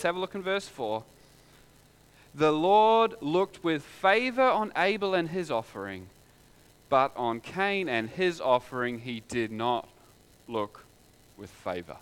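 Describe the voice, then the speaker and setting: A man's voice: sits high, sharp tone, smooth. A man preaching a sermon in a conversational way, full of rhetorical questions.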